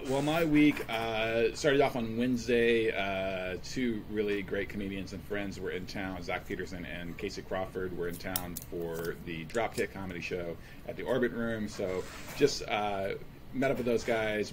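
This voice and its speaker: A man co-hosting a podcast as a stand-up comedian, talking in a relaxed, rambling way with plenty of fillers. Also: low voice, normal speed, slight background noise. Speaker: podcast co-host. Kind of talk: casual chat.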